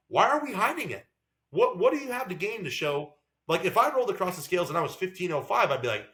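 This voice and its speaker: A man's voice: high voice, very animated, fast talker, fairly bright tone, roomy sound. A man co-hosting a podcast, ranting in a heated, profane way about how things were handled. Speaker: podcast co-host and racing driver. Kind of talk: casual podcast chat.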